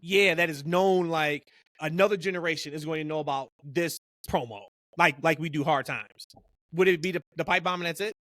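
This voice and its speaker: A podcast co-host chats casually and rambles, leaning heavily on "like" and "you know." His voice is a little high and fairly bright, he talks a bit fast, and the studio recording is clean with no room sound.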